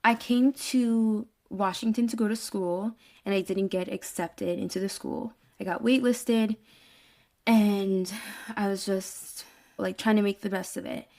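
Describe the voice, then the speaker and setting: A woman's voice: medium pitch, steady tone, a little slow, mellow. A woman telling a personal story in a casual monologue, retelling a frustrating exchange with quoted dialogue and exasperated asides. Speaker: podcast host.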